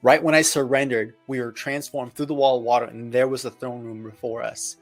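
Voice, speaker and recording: Man, mid-pitched, earnest testimony storyteller, vivid dramatic pauses, light music bed. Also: flat delivery. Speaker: near-death experience witness.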